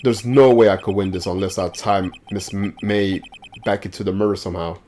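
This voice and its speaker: A man's voice: sits low, steady tone, a little fast, dark tone, slight background noise, pitched below the performer's own voice, lightly acted. A man voicing an earnest young male defense lawyer in a game playthrough, determined and accusing. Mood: pressing.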